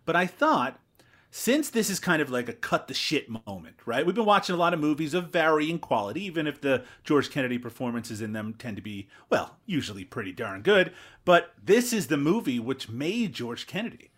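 Lively, bright-voiced man hosting a podcast. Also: a little high, normal speed. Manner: playful, laughs often. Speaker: podcast host. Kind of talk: casual podcast chat.

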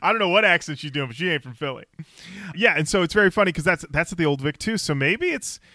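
Male podcast co-host, lively scene-by-scene storyteller, bright and a bit high. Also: quick pace, no room sound, clean studio sound. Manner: animated scene retelling, laughs often. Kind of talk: casual chat.

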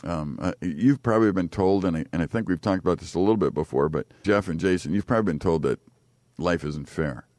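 Deep american guy on christian talk radio, chatty and jokey, dry close mic. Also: fairly quick, few pauses, a little mellow, no echo. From United States. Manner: chatty, jokey, earnest preaching tone. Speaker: radio co-host. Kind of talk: casual faith talk-radio chat. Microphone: studio microphone.

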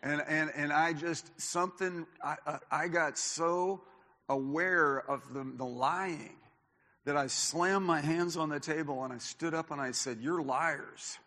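A man's voice: fairly high pitch, a little slow. A male pastor preaching a sermon in a church, telling personal stories, acting out what people said, with many restarts. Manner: animated storyteller, acts out quotes, many restarts. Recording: long reverb of a church hall.

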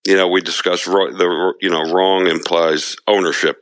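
This podcast co-host has a deep voice with little pitch movement and a fairly bright tone, talking at normal speed on a rough recording. He is a rambling storyteller in a casual chat, laughing frequently.

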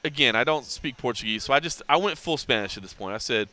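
A man's voice: mid-range voice, big pitch swings, quick pace, few pauses, sharp tone. A man hosting a podcast, telling a story in casual chat and acting out the dialogue with lots of energy. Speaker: podcast host.

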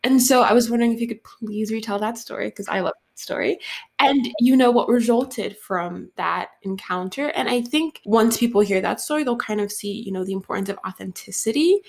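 A woman's voice: fairly high pitch, a little fast, creaky. A woman podcast host eagerly asking her guest, in a long question, to retell a story, over a video call. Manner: eager, wordy question with fillers. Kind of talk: interview question. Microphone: remote video call.

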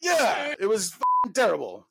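Gravelly man telling a rambling story. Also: high-pitched, measured pace, crowd noise. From New York. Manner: animated, profane, filler-heavy storytelling. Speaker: actor guest. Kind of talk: casual anecdote telling.

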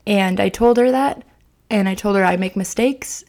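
A woman's voice: medium pitch, moderate pace, a little mellow. A young woman hosting a podcast, speaking candidly and confessionally about parenting mistakes, with frequent fillers and restarts. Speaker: podcast host. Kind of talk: casual personal podcast talk.

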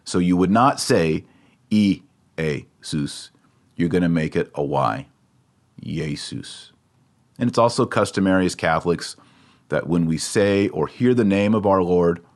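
Deep-voiced man teaching Latin prayer. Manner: patient, repeats words slowly to drill pronunciation. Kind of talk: casual spoken lesson.

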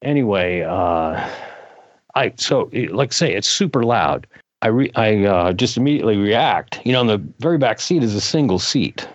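Animated older man telling a story. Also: moderate pace, no room sound. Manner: animated, jumps up in pitch when excited. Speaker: interview guest. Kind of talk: casual storytelling. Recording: dull lo-fi recording.

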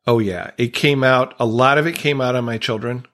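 A man's voice: medium pitch, steady tone, brisk, fairly bright tone. A man speaking as a podcast guest, earnest and reflective, candidly telling a personal recovery story and openly emotional at times.

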